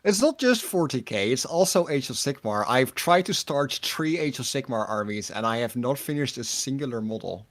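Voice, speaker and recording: A man's voice: mid-range voice, expressive, moderate pace, few pauses. A man guest in a casual chat, enthusiastic and self-mocking.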